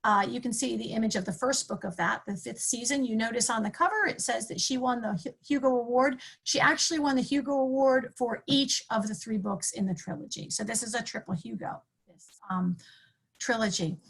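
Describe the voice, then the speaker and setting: Woman professor, casual lecture on novels, fairly high husky voice, plenty of ums and restarts. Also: fairly quick, fairly bright tone. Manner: conversational, frequent ums and self-corrections. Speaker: English professor. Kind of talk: recorded book-recommendation talk.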